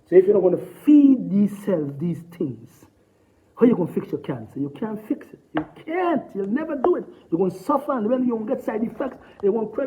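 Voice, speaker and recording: A man's voice: sits high, sing-song, brisk, a little hiss or hum. A man giving preachy, emphatic health advice in a casual talk straight to his viewers, repeating his commands. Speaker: natural health promoter. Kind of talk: casual direct-to-camera talk. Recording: dull lo-fi sound.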